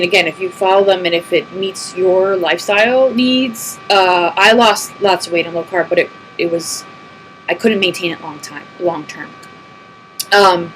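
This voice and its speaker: A woman's voice: medium pitch, slight background noise, low-quality recording. A woman in her thirties, talking casually to her computer at home as she answers viewer questions, rambling and laughing often. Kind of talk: casual chat to camera. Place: empty house, alone at a computer. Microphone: computer mic.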